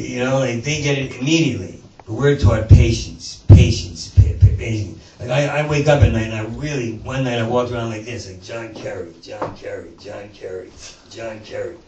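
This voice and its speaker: A male stand-up comedian performing a rambling, profane monologue, full of halting repetitions, in a small performance space. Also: medium pitch, roomy sound, distant mic, background noise.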